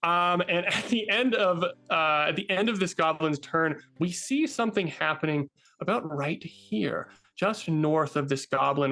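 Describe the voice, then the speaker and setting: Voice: medium pitch, a bit bright. A game master narrating a tabletop game casually, with lots of fillers and laughs. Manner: casual, filler-heavy, giggly.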